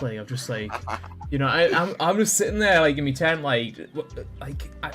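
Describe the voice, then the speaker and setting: A man's voice: on the high side, fast, music in the background. A young man on a podcast, telling a story casually with lots of fillers and restarts. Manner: rambling, full of "like" and restarts. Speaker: podcast guest. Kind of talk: casual chat.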